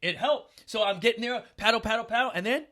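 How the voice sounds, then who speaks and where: A middle-aged man hosting a casual talk show, telling a story with animated bursts of loud acting-out. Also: extremely high pitch, fast. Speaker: podcast host.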